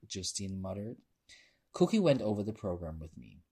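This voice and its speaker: A man narrates a novel at an even, measured pace. His voice sits low and carries a husky, slightly breathy grain. He shifts his voice to play the characters in the dialogue. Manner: measured storytelling, lifting voice for dialogue. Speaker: audiobook narrator.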